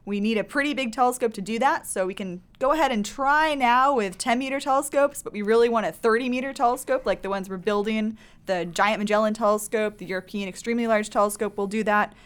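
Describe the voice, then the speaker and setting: A woman, a postdoctoral astronomer and podcast guest, explaining science calmly and methodically. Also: a little high, quick pace. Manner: calm, clear, methodical explanations.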